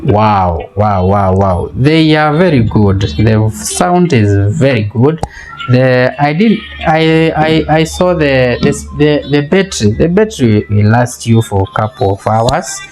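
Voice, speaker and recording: A man's voice: medium pitch, animated, slow pace. A man giving a casual product demo and review, explaining step by step and often repeating words as he hesitates. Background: faint music playing.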